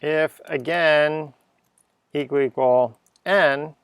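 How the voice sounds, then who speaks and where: A man's voice: on the high side, steady tone, very slow, clear, resonant tone, no room sound. A middle-aged man giving an unscripted coding lesson, chatty and thinking aloud, humming little sound effects as he types. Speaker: coding teacher.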